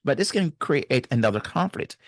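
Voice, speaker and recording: Man, middle-aged, therapist, earnest and teacherly, mid-pitched voice, dry sound. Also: animated, normal speed, no room sound. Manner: earnest, teacherly, speaks to the viewer directly. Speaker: marriage and family therapist. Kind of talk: faith-based relationship advice talk.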